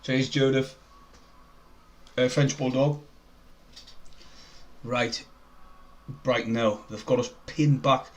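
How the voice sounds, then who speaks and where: A young man with a broad North East English accent commentates on a football match live for his viewers. He talks in a loose, chatty way, gets excited about the play and reads out viewers' names. His voice sits at an ordinary, middle pitch. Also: slow, pauses often. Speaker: fan live-streamer.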